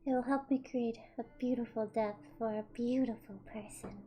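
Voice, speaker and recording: A woman voicing a smug, psychopathic young woman from a visual novel, reading in a cold, smirking, low and quiet voice. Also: fairly even intonation, moderate pace, husky. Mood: smug, gloating.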